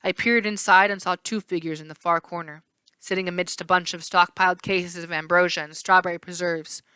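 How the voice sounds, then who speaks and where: A woman reading a novel aloud in first person, expressive, with the odd slip and restart. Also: on the low side, a little fast, smooth, no room sound. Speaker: read-aloud narrator.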